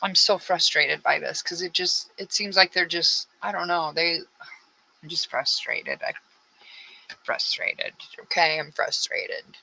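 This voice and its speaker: Blunt, sharp-voiced woman on true crime. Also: fairly low pitch, normal speed, gravelly, rough recording. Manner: rambling, blunt, frustrated asides. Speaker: true crime channel host. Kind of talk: casual true-crime commentary.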